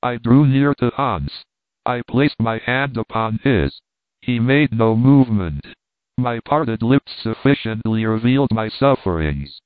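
A man reading a novel aloud as an audiobook narrator, in measured, steady storytelling. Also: medium pitch, smooth, dry recording. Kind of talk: scripted narration. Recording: dry, phone-like narrow sound.

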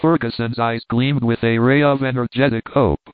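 Male audiobook narrator, measured and steady, on a tinny, dry recording. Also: mid-range voice, clean tone, dry recording.

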